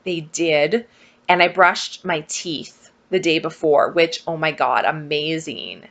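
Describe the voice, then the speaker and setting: A woman telling a personal story to her viewers in a casual vlog, animated and exasperated. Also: low voice, slow. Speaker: vlogger.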